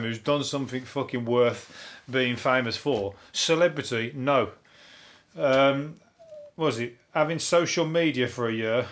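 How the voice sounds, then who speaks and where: A man from Birmingham with a Brummie accent, hosting a solo comedy podcast, riffing on the news in a deadpan, sweary, rambling way. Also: mid-range voice. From Birmingham, England.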